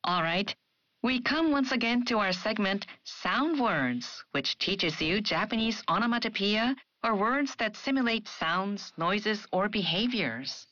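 A woman presents a language lesson in a clear, measured way, her voice sitting at an ordinary pitch. The recording is dry and close, with a slightly dull, muffled tone. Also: lively intonation, a bit bright, dry recording. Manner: clear, measured, explanatory delivery. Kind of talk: scripted educational narration. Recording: muffled studio broadcast audio.

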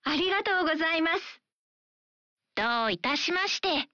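A woman voicing young women in a short language-lesson skit, reading dialogue brightly. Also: very high-pitched, expressive, fast talker, pitched above the performer's own voice. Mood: friendly. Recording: dull lo-fi sound.

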